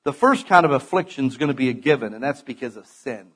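A man's voice: mid-range voice, lively intonation, quick pace, fairly bright tone, breathy edge. A middle-aged man preaching a sermon in a conversational way, with sudden emphatic bursts.

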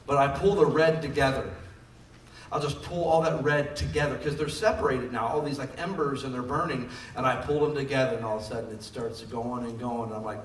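A man's voice: mid-range voice, a bit bright, recorded from a distance, a little hiss or hum. Man preaching in an echoey room. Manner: conversational preaching, rising emphasis on key phrases. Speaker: pastor. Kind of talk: sermon.

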